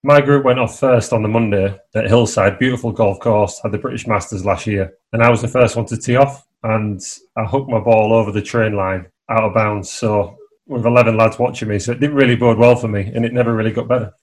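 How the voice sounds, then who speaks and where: A man's voice: fairly low pitch, fairly even intonation, brisk. A man hosting a podcast in casual chat, easygoing and self-deprecating. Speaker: podcast host, club captain.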